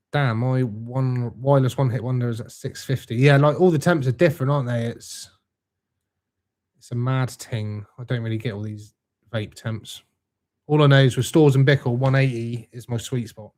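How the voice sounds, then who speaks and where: A man's voice: mid-range voice, a little mellow. A young man hosting a live stream, chatting casually and reading out viewer comments in a laid-back, matey way.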